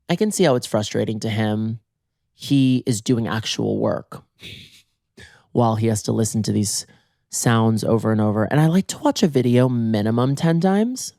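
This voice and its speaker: A man hosting a podcast in a comic monologue, theatrical and swinging his pitch for emphasis, slightly hoarse from being sick, recorded in bed at home. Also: darkish tone, no echo, studio quality. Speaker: podcast host.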